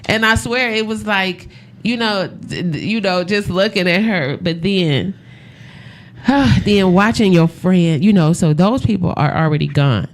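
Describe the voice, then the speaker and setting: Animated woman telling stories, low voice. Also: moderate pace, a little hiss or hum. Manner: animated storyteller, acts out quotes, laughs often. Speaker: makeup artist for funerals. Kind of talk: casual radio talk.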